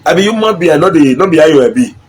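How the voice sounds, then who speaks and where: Nigerian man, middle-aged, husky high voice, fiery political speech, switches between Pidgin and English. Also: lively intonation, racing. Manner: impassioned, mixes Pidgin and English, repeats for emphasis. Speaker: local politician.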